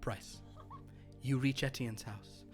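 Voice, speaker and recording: A man narrating a tabletop horror game as its game master. He talks casually in a medium-pitched voice and laughs often. Faint music runs under his voice. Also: steady tone, takes it slowly. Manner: chatty, laughs between lines.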